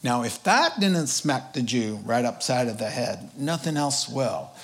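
A man's voice: mid-range voice, sing-song, measured pace, a bit bright. A man preaching a sermon as pastor, in a conversational, joking way that often acts out quotes.

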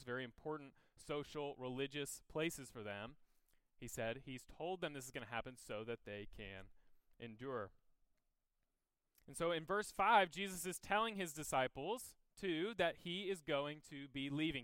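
A man's voice: fairly high pitch, sharp tone, smooth, no room sound, low-quality recording. A man preaching a conversational sermon, explaining scripture and telling personal stories to make his point. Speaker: pastor. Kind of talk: sermon teaching.

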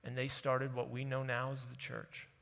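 Animated preacher man in a reverberant hall. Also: medium pitch, moderate pace, gravelly. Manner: animated storytelling, acting out quotes in casual voices. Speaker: pastor. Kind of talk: sermon.

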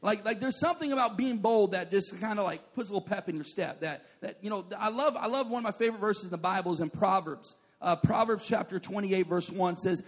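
Speaking a little fast with few pauses, this pastor has a voice that sits high. He keeps the sermon light with jokes and stories, sprinkles in "like," and turns to the congregation for responses.

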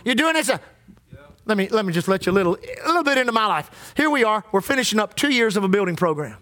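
A man's voice: high voice, very animated, quick pace, a bit bright. A man preaching a sermon as pastor, impassioned and repetitive, drawing out emphatic lines.

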